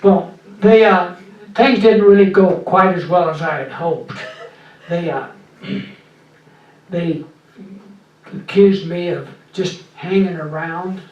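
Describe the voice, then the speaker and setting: An older man doing stand-up in a small club, with a weak, breathy voice after voice surgery and slow deadpan one-liners. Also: high voice, dull audio. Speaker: stand-up comedian. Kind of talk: stand-up set. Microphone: handheld mic through a loud PA. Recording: echoey club recorded from far off.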